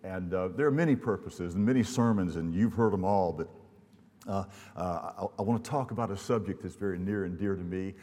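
A man's voice: sits low, fairly quick, warm tone. An older man from Louisiana preaching a sermon in a church, telling folksy humorous stories. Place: church sanctuary. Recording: long hall reverb.

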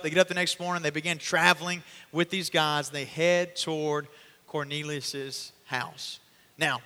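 Male preacher, animated storyteller, bright forceful tone, hall reverb. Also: fairly high pitch, clean tone. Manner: animated storytelling, acting out voices. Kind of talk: sermon.

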